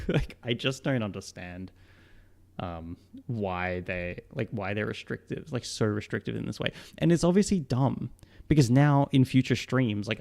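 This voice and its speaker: A man's voice: lowish voice, gravelly, a little mellow. A young man with a mixed Australian and British accent, a psychologist answering questions on a casual live stream, rambling with lots of fillers and laughing often.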